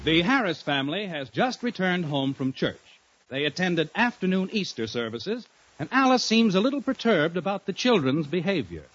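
A man announcing a 1940s radio show and its credits with a bright, emphatic showman delivery. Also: high voice, sing-song, normal speed, lo-fi sound. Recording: old radio recording over loud band music.

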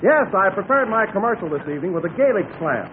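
A man acting as announcer in a scripted radio comedy, delivering a commercial in an earnest pitchman style on a tinny old broadcast. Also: sing-song, quick pace, slight background noise.

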